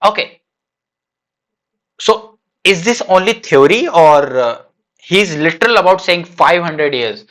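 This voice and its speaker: His voice is on the high side and expressive, slightly bright, and he goes slowly with long pauses. He's streaming his live reaction to a manga chapter, musing casually and hesitantly with many fillers and restarts.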